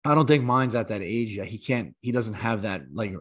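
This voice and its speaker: A man in his thirties, a podcast co-host, telling profane, animated stories in casual chat. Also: lowish voice, moderate pace, no echo.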